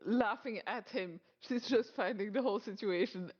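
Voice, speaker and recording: A woman player calmly describing her character's actions in a tabletop game. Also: mid-range voice, moderate pace. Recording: dull lo-fi sound.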